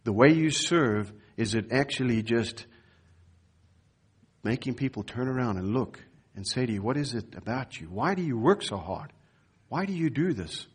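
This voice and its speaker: A man's voice: mid-range voice, lively intonation, normal speed, husky. A man, a pastor, preaching a sermon and telling a personal story, acting out the voices of the people in it. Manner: storytelling, acts out quoted voices.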